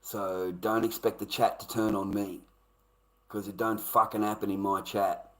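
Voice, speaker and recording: A man's voice: on the low side, little pitch movement, a little slow, low-quality recording. An Australian man ranting casually to his livestream chat, blunt and swearing constantly.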